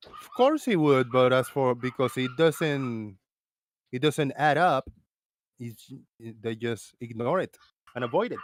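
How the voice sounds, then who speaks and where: A man hosting a casual voice-chat stream, talking loudly and laughing often, with plenty of swearing, close to his desk microphone. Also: medium pitch, lively intonation, measured pace, dry recording. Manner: loud, laughing, profane. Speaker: stream host.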